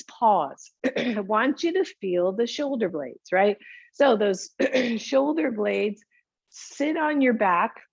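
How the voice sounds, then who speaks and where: A woman yoga instructor leads a class with slow, unhurried cues and a fairly high voice. She is upbeat and encouraging, with playful asides. The sound is dry and a little dull. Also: no echo.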